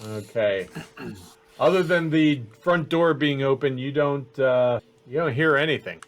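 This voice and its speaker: A man running a tabletop game as game master, narrating at an unhurried pace with many fillers. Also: medium pitch.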